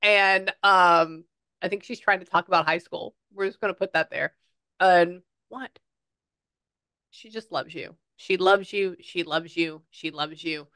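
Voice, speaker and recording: A chatty woman with a fairly low voice, talking casually and relaying quotes. Her sound is dry and close, with no room around it. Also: steady tone, measured pace, pushed and bright, clean tone, no room sound. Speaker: psychic medium. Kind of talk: casual reading session.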